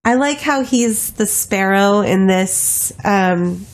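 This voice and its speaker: A woman's voice: mid-range voice, takes it slowly. A woman co-hosting a casual TV recap podcast, giggling and retelling scenes by quoting lines. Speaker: podcast co-host.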